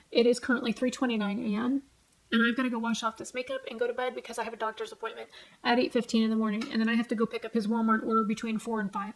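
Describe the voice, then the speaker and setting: Perched on a tall stool at home, a fiery vlogger in her forties delivers an angry personal rant in a voice on the high side. She curses heavily and stays blunt and heated while recounting arguments through quoted back-and-forth, all on poor audio.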